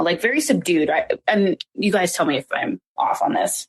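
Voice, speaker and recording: A woman's voice: mid-range voice, normal speed, hardly any pauses. A woman podcast host chatting casually on a live stream, full of "like" and "um". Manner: chatty, lots of "like" and "um". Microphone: home microphone for a live stream.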